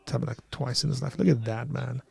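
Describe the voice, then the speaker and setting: A man's voice: mid-range voice, fast, gravelly, warm tone, slightly rough, no echo. A man hosting a casual call-in livestream, joking and rambling with frequent restarts. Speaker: livestream host.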